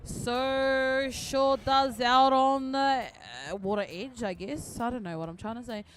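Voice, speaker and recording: A woman giving chatty, joking, excitable live commentary on a canoe race outdoors. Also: high-pitched, measured pace, a little hiss or hum.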